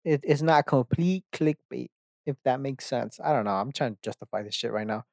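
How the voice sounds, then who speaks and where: A man's voice: mid-range voice, normal speed, creaky, a little mellow, dry recording, studio quality. A young man hosting his own podcast, rambling through a profane, self-mocking solo rant with lots of restarts. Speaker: podcast host.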